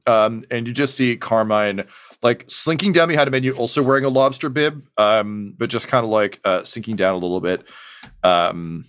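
A man's voice: on the low side, normal speed, no echo, clean studio sound. A young man running a tabletop game as game master, rambling with many fillers. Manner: rambling, full of ums and uhs.

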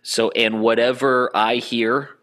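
A man's voice: mid-range voice, level tone, slow pace, fairly bright tone. A man co-hosting a casual podcast over a video call, chatty and a bit nervous. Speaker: podcast co-host. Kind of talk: casual chat. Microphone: home computer mic on a video call.

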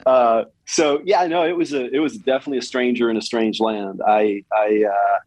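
A middle-aged man with a light Southern Kentucky accent, a company president speaking as a guest in a relaxed interview, often restarting and repeating his words. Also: mid-range voice, normal speed, no room sound, low-quality recording. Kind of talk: casual interview conversation.

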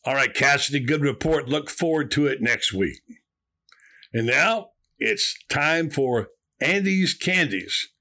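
A man hosting a sports talk show, bantering with a gruff, exasperated, wisecracking manner. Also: a little high, animated, slow, pushed and bright. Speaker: sports radio host.

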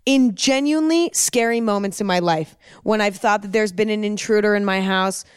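Young woman, podcast host, casual storytelling, smooth clear voice, dry close sound. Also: mid-range voice, normal speed, no room sound. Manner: emphatic, repeats words for stress.

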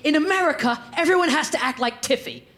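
A woman performing a stand-up set, animated and acting out characters in quick quoted voices. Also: sits high, very noisy. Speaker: stand-up comedian.

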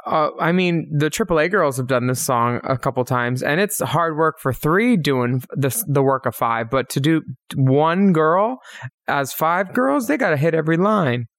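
A man co-hosting a podcast in casual chat, chatty and quick with asides. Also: on the high side, animated, fairly bright tone, no echo, studio quality. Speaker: podcast co-host.

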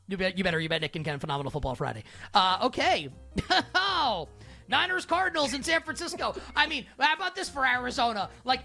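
Bright-voiced, animated podcast host man. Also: extremely high pitch, creaky. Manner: quick, animated, laughs often. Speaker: sports betting podcast host. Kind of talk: casual sports betting chat.

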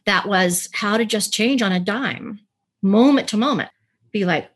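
A woman's voice: mid-range voice, normal speed, fairly bright tone. A woman who is an actress and podcast guest, telling stories animatedly in a casual interview, laughing and acting out quotes.

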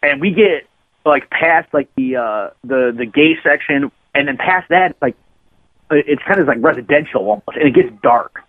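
On a dry, narrow-sounding phone line, a man with a voice on the high side tells a long, profane story as a podcast guest. He speaks at a moderate pace, rambling casually through the anecdote with plenty of "like" fillers. There's no echo.

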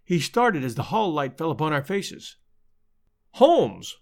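A man reading a story aloud as a measured, dramatic narrator. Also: a little high, lively intonation. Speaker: audiobook narrator. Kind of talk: scripted narration.

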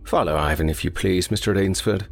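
A cultivated older general speaks with a slight accent, courteous and measured, his politeness edged with quiet menace, as a male reader puts him on. The voice sits very low with a husky grain. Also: faint music behind. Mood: gracious.

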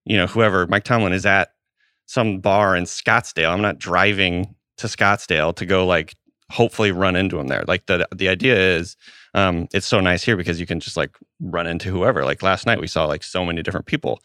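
A man's voice: low-pitched, a little fast, pushed and bright, smooth, dry recording, studio quality. A man co-hosting a podcast, rambling in casual chat with lots of fillers. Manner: rambling, filler-heavy, laughs often. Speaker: podcast co-host.

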